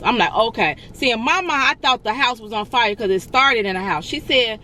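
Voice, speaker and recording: A woman's voice: a little high, lively intonation, normal speed, hardly any pauses, sharp tone, a little hiss or hum. A woman in her forties telling viewers how her house burned down, near tears and repeating herself, calling them y'all. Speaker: vlogger. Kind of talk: emotional storytelling vlog.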